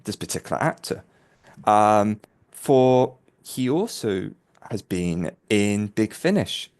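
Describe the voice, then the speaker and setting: A man co-hosting a fan podcast, chatting casually and reacting with surprise. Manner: unhurried, lively pitch, easily surprised. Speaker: podcast co-host.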